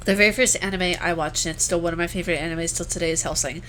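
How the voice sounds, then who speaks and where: A woman guest on a podcast, telling stories in casual chat, giggly and animated, swearing casually. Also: lowish voice, racing, a little hiss or hum.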